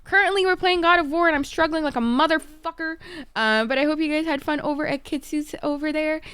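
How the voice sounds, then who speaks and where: A woman's voice: high-pitched, fairly quick, a bit bright, no room sound. A young woman streaming a game live, stressed, swearing and chatting with her viewers. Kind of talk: live gameplay commentary.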